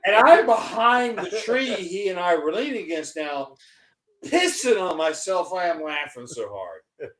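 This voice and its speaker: A man hosting a podcast, telling a crude army story in a profane, animated way. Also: sits high, unhurried, roomy sound, a crowd in the background, low-quality recording. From United States. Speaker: podcast host. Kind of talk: casual podcast chat, storytelling.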